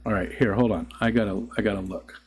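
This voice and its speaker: A man's voice: on the low side, fairly even intonation, fast talker, darkish tone, faint music behind. A middle-aged man hosting a casual live stream, rambling and chuckling as he talks to his chat. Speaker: livestream host.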